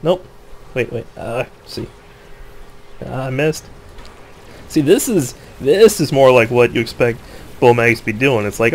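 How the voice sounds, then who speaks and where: A man casually commenting on his own gameplay, laughing often, joking and excitable, with faint noise behind him. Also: mid-range voice, takes it slowly, pauses often.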